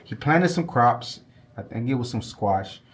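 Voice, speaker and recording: A man's voice: medium pitch, measured pace. A man co-hosting a podcast, chatting casually and rambling with frequent repeats. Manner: rambling, repeats himself, animated when quoting. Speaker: podcast co-host. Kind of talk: casual chat.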